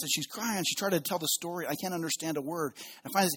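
A male pastor preaching a sermon, telling stories animatedly, acting out quotes and dropping into quiet asides. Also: on the high side, rapid-fire, hardly any pauses, slightly rough.

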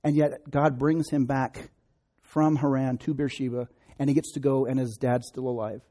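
A man's voice: mid-range voice, little pitch movement, moderate pace. A middle-aged man preaching a sermon in a conversational way, acting out quoted voices in his stories. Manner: conversational, acts out quoted voices, drops to soft prayer. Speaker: pastor. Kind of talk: sermon with storytelling and prayer.

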